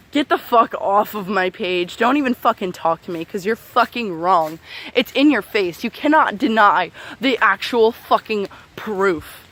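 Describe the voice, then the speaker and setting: A woman's voice: a little high, fairly bright tone. A young woman ranting heatedly to camera as a vlogger, profane and sarcastic, with many fillers. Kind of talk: angry unscripted rant to camera.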